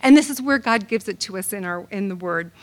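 A woman's voice: mid-range voice, a little fast. A middle-aged woman giving a sermon as a Bible teacher, telling a neighbor story and acting out the quoted voices. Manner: animated, acts out quoted voices.

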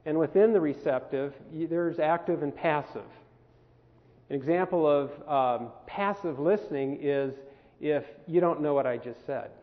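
A man with a fairly high voice and a measured pace presents a communication workshop to a camp group. He speaks conversationally and poses questions to them, recorded at phone quality in a reverberant hall.

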